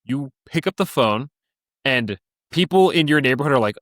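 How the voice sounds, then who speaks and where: A man's voice: medium pitch, lively intonation, brisk, fairly bright tone, no echo, clean studio sound. A young man co-hosting a podcast, chatting casually and telling stories with acted-out quoted voices. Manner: storytelling, acts out quoted voices. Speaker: podcast co-host. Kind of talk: casual chat.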